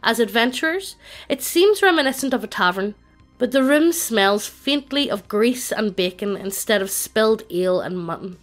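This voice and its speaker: A text-to-speech woman's voice narrating a tabletop game, with a flat, evenly paced computer reading. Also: on the high side, moderate pace, faint music behind.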